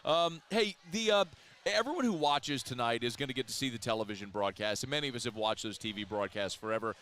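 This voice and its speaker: A man's voice: mid-range voice, fast, a bit bright, a little hiss or hum. Chatty sports radio host, a man. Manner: chatty, asks long questions. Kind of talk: casual sports talk.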